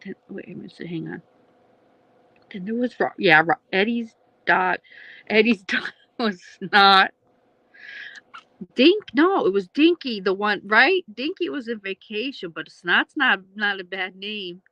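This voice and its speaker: A woman's voice: medium pitch, big pitch swings, measured pace, pushed and bright, no room sound, highs cut off. A woman hosting a casual livestream, rambling between thoughts, laughing often and swearing freely. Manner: laughs often, swears, trails off mid-sentence. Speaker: livestream host.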